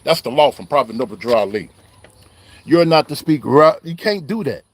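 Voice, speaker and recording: A man's voice: fairly high pitch, animated, normal speed. A man giving a heated, preachy online call-out, riled up and confrontational, wired on coffee. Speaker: online religious commentator.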